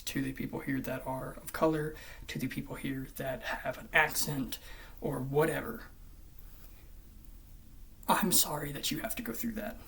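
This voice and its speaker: A vlogger ranting in commentary style, swearing often and swinging between loud outbursts and hushed near-whispers. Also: medium pitch, a little hiss or hum.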